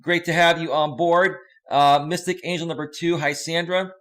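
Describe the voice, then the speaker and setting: Animated male live stream host. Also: on the high side, normal speed. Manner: animated, joking, greets viewers by name. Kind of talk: casual live stream chat, reading viewer comments.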